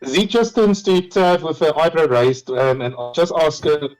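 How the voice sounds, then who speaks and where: A man player describing his character's actions in a tabletop game, halting and hesitant. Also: a little high, expressive, a little mellow, faint music behind, low-quality recording.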